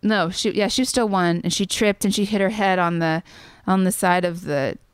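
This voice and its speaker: A woman's voice: on the low side, moderate pace, clear, resonant tone, no room sound, studio quality. A woman in her thirties telling a personal story in a casual interview, earnest and full of fillers. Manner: chatty, many "like" fillers, earnest. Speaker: songwriter guest.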